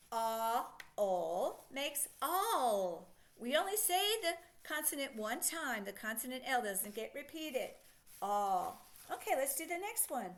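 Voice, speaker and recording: A woman teaching a children's phonics lesson, sounding out letters slowly and praising the listener. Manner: slow, sing-song teacher voice with stretched sounds and lively pitch.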